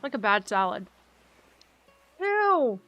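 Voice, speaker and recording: Brief: young female streamer, higher voice, rambling and sweary, eating on mic, faint music behind. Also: moderate pace, a bit bright, dry recording, lo-fi sound. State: eating while talking. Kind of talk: casual live-stream chat.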